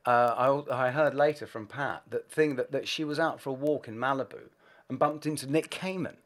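A man, a guest musician, telling anecdotes in an animated, self-deprecating way, with plenty of swearing. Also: medium pitch, normal speed. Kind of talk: anecdotal storytelling.

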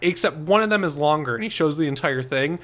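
A man's voice: a little high, animated, quick pace, fairly bright tone. A man co-hosting a podcast in casual chat, sarcastic and swearing freely, laughing often. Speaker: podcast co-host.

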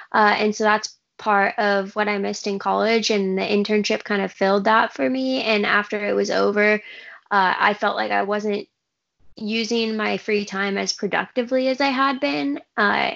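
Young female runner, gravelly vocal fry, measured chat. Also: medium pitch, fairly bright tone. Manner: plain, measured, some uh fillers. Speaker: professional runner. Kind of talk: casual chat. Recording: dull lo-fi audio.

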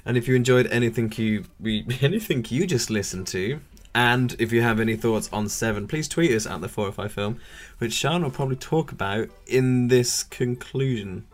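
A man's voice: mid-range voice, expressive, normal speed. A man co-hosting a film podcast in casual chat, joking, rambling and self-deprecating. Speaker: podcast co-host.

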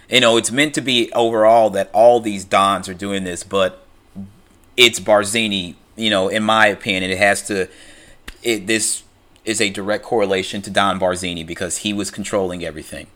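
A man's voice: fairly low pitch, steady tone, normal speed, pushed and bright. A man retelling a film plot in loose, conversational talk, full of fillers and restarts. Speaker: film recap commentator.

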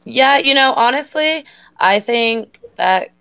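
A woman's voice: a little high, animated, slow pace, vocal fry, bright, forceful tone, clean tone, dry recording. A woman in her thirties casually chatting as a podcast co-host, swearing freely while telling stories. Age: 30s. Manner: profane, storytelling with laughs. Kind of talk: casual chat.

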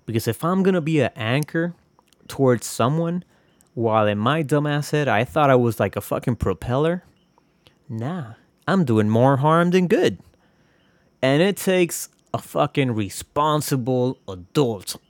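A man's voice: mid-range voice, no echo. A young man hosting a podcast, talking in a casual, confessional ramble full of swearing and self-mocking jokes. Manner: profane, joking, rambling. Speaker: podcast host.

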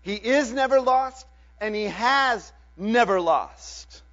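Man preaching, high voice, dramatic loud-soft swings, dull lo-fi recording with mains hum. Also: lively intonation, slow. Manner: dynamic, swings from loud to hushed. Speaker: pastor. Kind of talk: sermon.

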